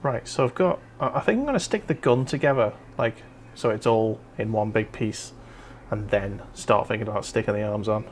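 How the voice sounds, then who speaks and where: A man's voice: lowish voice, moderate pace. Easygoing man hosting a stream. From North East England. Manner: rambling, easygoing banter. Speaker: stream host. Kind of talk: casual chat. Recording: faint background noise.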